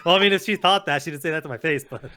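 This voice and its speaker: A young man telling a story in a casual podcast chat, animated and profane. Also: fairly high pitch, very fast. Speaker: podcast co-host.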